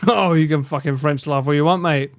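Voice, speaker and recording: A man's voice: on the high side, fairly quick, no echo. A young man streaming live, chatting with his viewers in a teasing, mock-outraged way and swearing freely. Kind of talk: casual live-stream chat.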